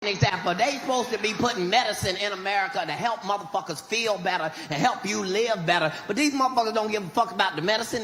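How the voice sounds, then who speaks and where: Man, stand-up comedian, very high voice, loud profane rant, echoey hall, noisy background. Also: vocal fry. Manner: loud, rapid, profane ranting delivery.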